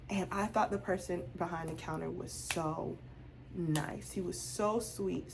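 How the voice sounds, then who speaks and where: A young woman vlogger telling a casual storytime, animated and acting out both sides of her conversations. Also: fairly low pitch, slight background noise.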